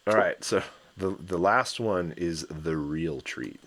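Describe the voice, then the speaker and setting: A man's voice: low-pitched, slow pace, fairly bright tone. A man co-hosting a music podcast, talking in a laid-back, joking way and often restarting his sentences. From California. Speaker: podcast co-host. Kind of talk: casual chat.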